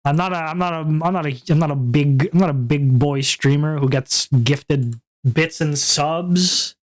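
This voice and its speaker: A man streaming a casual chat, rambling and stammering with playful mock outrage and loud bursts of laughter. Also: fairly high pitch, a little slow. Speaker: VTuber streamer.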